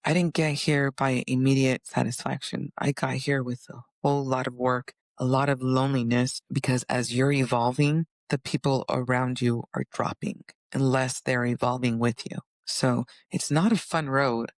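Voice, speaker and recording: A woman tells her own story in an earnest, animated monologue, her voice gravelly with a bit of fry. She speaks close to the mic in a dry space. Now and then she acts out inner voices and conversations in a higher pitch. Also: normal speed, few pauses, no echo. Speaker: vlogger.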